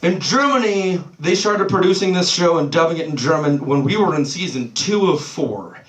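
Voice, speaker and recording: Male stand-up comic, slightly high voice, casual and profane, live club sound with echo. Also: lively intonation, normal speed, fairly bright tone, distant mic. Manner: loose, swearing, loses his place and laughs it off. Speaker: stand-up comedian. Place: small comedy club stage. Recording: roomy club sound from off-mic.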